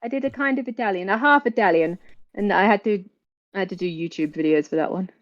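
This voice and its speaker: An Australian woman talks in a relaxed, upbeat way, laughing easily and agreeing readily. Her voice sits in a middle range. The recording is a little muffled and lo-fi. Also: mid-range voice, fast talker. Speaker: guest, actor and audiobook narrator. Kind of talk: casual chat.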